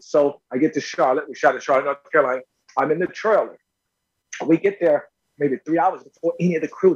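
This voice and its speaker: A middle-aged actor telling stories in an interview, emphatic and excitable, with loud bursts when he acts out moments. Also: fairly high pitch, breathy edge, rough recording. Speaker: actor guest. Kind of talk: animated storytelling interview.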